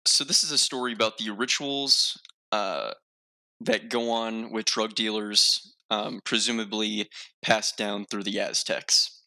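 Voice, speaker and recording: A man's voice: lowish voice, steady tone, unhurried, pushed and bright. A man hosting a casual podcast chat, rambling and self-mocking with lots of filler words. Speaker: podcast host.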